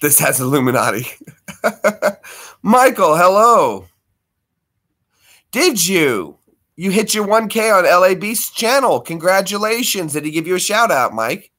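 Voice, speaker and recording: A man hosts a casual live stream from home, talking to his viewers in a loose, chatty way and laughing readily. His voice is bright and forceful. It rises and falls a great deal as he talks. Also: high-pitched, big pitch swings, a little slow, long pauses.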